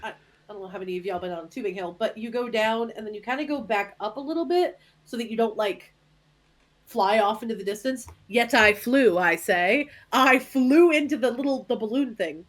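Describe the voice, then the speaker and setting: A woman's voice: a little high, expressive, fairly quick. A woman co-hosting a casual podcast from home, telling self-mocking, joking stories. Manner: self-deprecating, joking storyteller. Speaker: podcast co-host. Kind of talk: casual chat. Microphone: headphones on, home recording.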